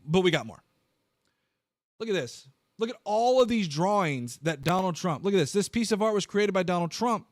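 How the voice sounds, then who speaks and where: A man hosting a live political commentary stream, animated and incredulous, talking straight to his viewers. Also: high voice, moderate pace, dry recording, clean studio sound.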